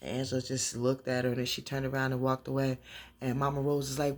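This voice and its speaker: A woman in a casual recap vlog, losing her voice, telling the story in an animated way and acting out the characters' lines. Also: rumbling low, fast. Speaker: TV recap vlogger.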